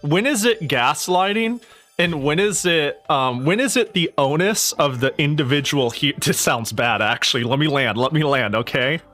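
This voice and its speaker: A man's voice: on the high side, lively intonation, moderate pace, fairly bright tone, soft background music. A man streaming a game, chatting casually, joking, swearing often and correcting himself mid-sentence.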